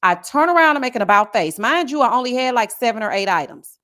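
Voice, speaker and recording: A woman in her forties telling a personal story to her viewers in a casual, animated vlog, speaking straight to the audience. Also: a little high, fast. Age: 40s. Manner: animated, addresses viewers directly. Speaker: vlogger.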